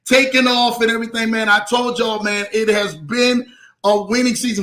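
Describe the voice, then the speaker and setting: Male host for a live-stream motivational show: high, bright voice, hyped, leans on repeated catchphrases.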